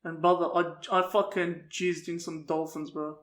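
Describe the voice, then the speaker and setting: High-voiced guy, deadpan tall tales. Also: normal speed. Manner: tells absurd tall tales with a straight face, swears a lot. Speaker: podcast co-host. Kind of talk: crude comedic banter. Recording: roomy echo.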